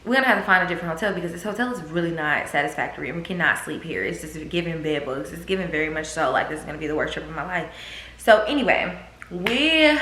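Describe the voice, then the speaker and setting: A woman's voice: on the low side, slight background noise. A woman, telling a storytime vlog with swearing and acted-out quotes. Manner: animated, swearing, acts out quotes. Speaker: vlogger. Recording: echoey room.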